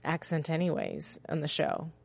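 Woman, casual TV recap chat, animated, dry close sound. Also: deep voice, moderate pace, gravelly, no room sound. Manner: animated, self-deprecating, trails off and restarts. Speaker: podcast co-host.

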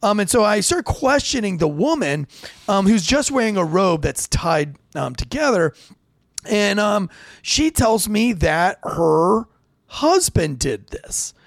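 Young man, police officer, casual storytelling, gravelly, a bit high, dry close sound. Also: slow, dry recording. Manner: animated, acts out quoted voices.

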